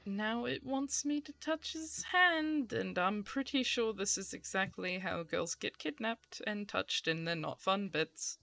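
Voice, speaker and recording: A woman's voice: mid-range voice, a little slow, creaky, few pauses, sharp tone, no room sound. A woman playing a tabletop game, talking casually and joking. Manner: joking, chatty with fillers. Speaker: player.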